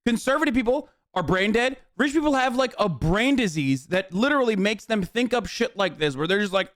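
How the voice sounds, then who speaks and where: High, heated man ranting with constant swearing. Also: animated, fairly quick, few pauses, fairly bright tone, dry recording, clean studio sound. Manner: heated, swears constantly, says "dude" often. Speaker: streamer reacting to a video. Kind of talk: profane ranting commentary.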